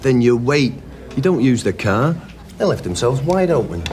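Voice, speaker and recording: An actor playing a cynical, dismissive police officer in a TV police drama, with an English accent. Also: male voice, mid-range voice, very animated, normal speed, darkish tone, natural voice. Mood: scornful. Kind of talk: 1990s TV police drama acting.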